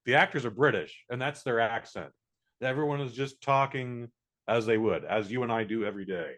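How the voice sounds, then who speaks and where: Podcast dude chatting about a movie, lots of ums and restarts, average pitch. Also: male voice, a little fast, a bit bright. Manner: rambling, lots of fillers and restarts. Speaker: podcast co-host. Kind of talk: casual movie review chat.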